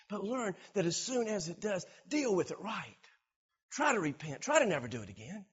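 A man preaching a sermon, animated, acting out everyday scenes and repeating words for emphasis. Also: sits high, normal speed, slightly rough, muffled recording. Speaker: pastor.

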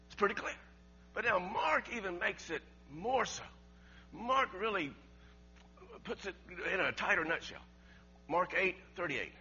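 A man preaching a sermon, emphatic and rising to near shouts, with laughs between his points and words he repeats. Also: high voice, animated, a little slow, long pauses, slightly rough. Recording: dull lo-fi recording with mains hum.

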